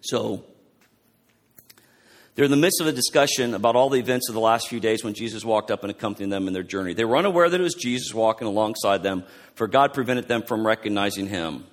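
A male pastor giving a fervent sermon, preaching loudly at close to a yell. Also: lowish voice, quick pace. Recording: long hall reverb.

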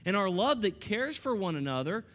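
Middle-aged man, pastor at the pulpit, slightly higher voice, storytelling sermon with swings in pitch and volume. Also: sing-song, normal speed. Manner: storytelling, varies pitch and loudness for emphasis.

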